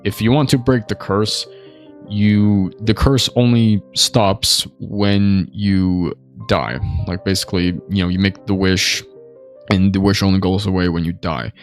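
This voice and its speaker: A man with a deep, low voice talks through a movie in a loose, rambling way, leaning on "you know" and "like." He gets noticeably excitable when he describes the scary scenes. Soft background music plays faintly under his voice. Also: a little slow. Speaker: movie reviewer. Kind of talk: casual spoken movie review.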